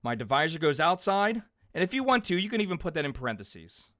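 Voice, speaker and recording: Man, forties, math teacher, chatty, animated, slightly high voice, bright and forceful tone. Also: fast. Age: 40s. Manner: chatty, animated storyteller, talks directly to students by name. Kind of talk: live class lecture with side stories.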